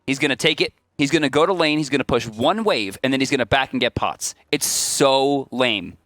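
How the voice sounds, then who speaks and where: A man's voice: medium pitch, a little fast, fairly bright tone, dry recording. Joking young man casting an esports match. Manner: playful, laughs often, teasing. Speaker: esports caster.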